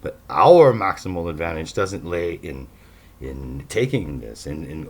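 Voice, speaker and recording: A man's voice: deep voice, very animated, a little slow. A man hosting a casual monologue for his listeners, talking in a sarcastic, rambling way with mocking asides. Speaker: podcast host.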